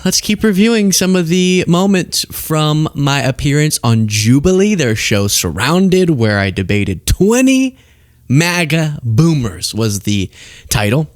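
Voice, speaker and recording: A young man hosting a political commentary show, talking straight to camera in an exasperated, animated way and often laughing mid-rant. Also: fairly high pitch, a little slow, no room sound, clean studio sound.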